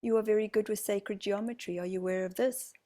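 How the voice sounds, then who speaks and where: Soft-spoken woman channeling as "we". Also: mid-range voice, steady tone. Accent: New Zealand. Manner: slow, soft, formal speech speaking as "we". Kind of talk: channeled group session.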